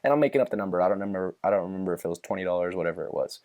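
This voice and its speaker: A man's voice: deep voice, expressive, racing, dark tone. A young man hosting a podcast in casual chat, rambling and swearing freely as he works through his thoughts and retells movie scenes. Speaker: podcast host.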